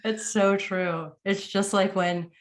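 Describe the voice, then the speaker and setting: Slow-talking woman host. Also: medium pitch, fairly even intonation, echoey room. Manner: unhurried, supportive, frequent affirming backchannels. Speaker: podcast host. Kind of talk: conversational interview.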